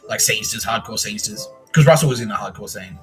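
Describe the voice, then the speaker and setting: A man's voice: on the low side, lively intonation, fast, soft background music, low-quality recording. A man with an Australian accent hosting a podcast, telling a long story in a casual, rambling way, swearing freely and laughing at his own tale. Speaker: podcast host.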